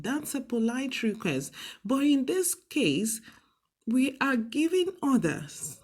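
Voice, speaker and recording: A woman's voice: high-pitched, sing-song. A woman teaching a grammar lesson for a TV series, explaining patiently and checking in with "okay?" after each point. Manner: slow, patient, repeats "okay?" and "all right?". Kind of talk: classroom lesson on TV.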